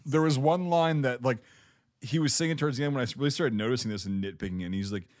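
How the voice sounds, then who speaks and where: A man co-hosting a casual podcast, who talks in an animated, mocking way and swears often. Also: mid-range voice, quick pace.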